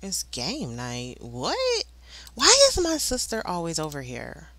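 A woman hosting a life-simulation game let's play, chatting casually and voicing the characters in quick asides. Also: deep voice, huge pitch swings, a bit bright, no room sound. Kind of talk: casual gameplay commentary.

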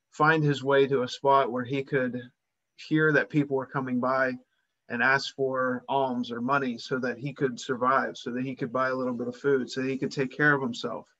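A man's voice: mid-range voice, fairly bright tone, highs cut off. A man preaching a sermon, retelling a Bible story and acting out its voices with rising emphasis.

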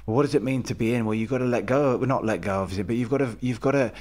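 A man's voice: medium pitch, very fast, darkish tone. A man hosting a podcast, musing thoughtfully and searching for his phrasing as he speaks. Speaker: podcast host. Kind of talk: reflective conversational musing.

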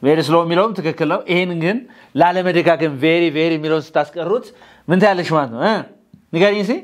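A man's voice: on the high side, rapid-fire. A man with an Ethiopian accent, a native Amharic speaker, teaching an English lesson and coaxing students to repeat words after him. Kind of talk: classroom English lesson, call and response.

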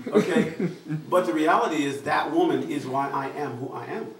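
An American man giving a public address, animated, often acting out the voices of people he quotes. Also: on the high side, normal speed. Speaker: invited speaker. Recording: echoey room, mic far off.

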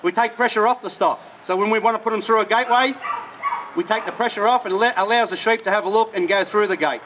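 A man's voice: high-pitched, fast talker, background noise. A man explaining dog training at an outdoor demonstration, talking plainly with short commands to his dogs in between. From Australia. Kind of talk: live outdoor demonstration talk. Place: outdoors at a festival display.

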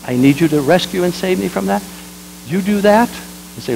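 Pastor guy preaching, swoops all over the place loud then quiet, gets the crowd repeating lines, some static hum. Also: a little high, expressive, moderate pace, gravelly, rough recording. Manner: dramatic swings between loud exclamations and quiet asides; leads the congregation in call-and-response. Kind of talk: sermon.

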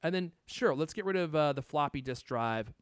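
A man's voice: a little high, animated, normal speed, clean tone, dry recording, clean studio sound. A man in his thirties co-hosting a casual tech chat, joking and laughing often. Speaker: podcast co-host.

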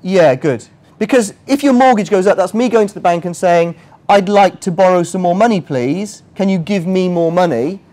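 A high-pitched man with a darkish tone teaches a finance workshop to a live room at normal speed. His style is chatty and friendly, with frequent questions to the audience and self-mocking asides as he explains.

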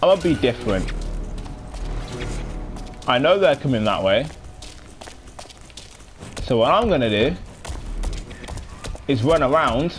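A man's voice: mid-range voice, expressive, takes it slowly, pauses often, faint music behind. A young man giving casual, jokey live commentary while playing a shooter game. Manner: chatty, jokey, self-narrating. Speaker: gaming commentator.

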